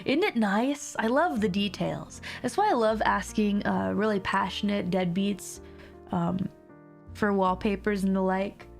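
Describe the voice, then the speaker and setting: Chatty woman streamer with a gravelly edge. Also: medium pitch, unhurried, faint music behind. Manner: rambling, chatty, laughs often. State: mild sore throat. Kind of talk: casual livestream chat.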